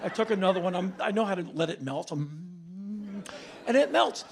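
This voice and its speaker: A man in his fifties telling a stand-up story on stage, with a deadpan, politely mock-formal delivery. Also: high voice, normal speed, a little hiss or hum. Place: stage before a laughing audience.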